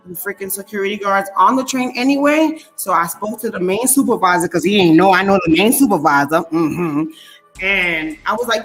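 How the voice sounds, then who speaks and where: A woman telling a long story in casual chat, animated and full of profane slang. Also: mid-range voice.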